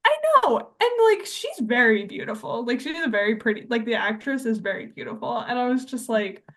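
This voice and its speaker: Bright, fairly high, and expressive, this young woman's voice moves along quickly. She's recapping a movie on the podcast she co-hosts, gabbing casually with lots of "like" and dramatized quotes.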